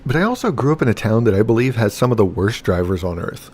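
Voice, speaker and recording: A man's voice: on the low side, lively intonation, fast talker, darkish tone, slightly rough. A young man casually telling a rambling, profane story while gaming, full of fillers. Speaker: gaming streamer.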